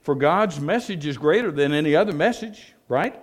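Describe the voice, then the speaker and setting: A man's voice: a little high, expressive, moderate pace. A male pastor preaching a sermon in a conversational way, often asking the congregation rhetorical questions.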